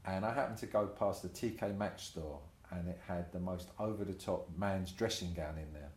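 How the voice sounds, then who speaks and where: A man's voice: low voice, normal speed, slight background noise. An older man, a tattoo artist telling anecdotes in a casual interview, swearing freely and acting out what people said. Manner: swears freely, animated anecdotes with acted-out quotes. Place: room in his tattoo shop. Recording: roomy echoey room.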